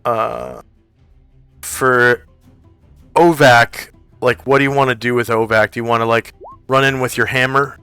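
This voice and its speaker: Bright, clear-voiced male game master. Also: mid-range voice, steady tone, no room sound, faint music behind. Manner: casual, halting, full of fillers. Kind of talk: narrating a tabletop game and explaining rules.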